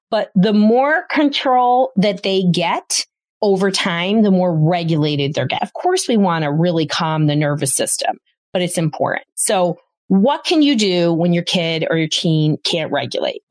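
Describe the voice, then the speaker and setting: A woman's voice: fairly low pitch, dry recording. Emphatic woman hosting a parenting podcast. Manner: emphatic, addresses parents directly. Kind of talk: solo podcast advice talk.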